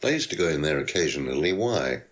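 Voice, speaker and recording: A man's voice: very deep voice, big pitch swings, fast. An actor playing a condescending, evasive male teacher under suspicion, speaking in a video game. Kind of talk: full-motion video game acting.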